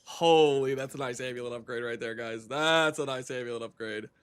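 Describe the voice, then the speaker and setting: Bright-voiced excitable male game streamer. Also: medium pitch, clean tone. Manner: excitable, teasing, quick to laugh and banter with chat. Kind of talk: casual live gameplay commentary to chat.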